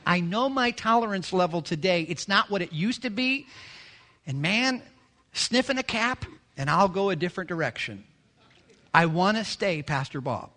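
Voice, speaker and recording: A man, the pastor, preaching a sermon in a lively, joking way, often mimicking people. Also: high voice.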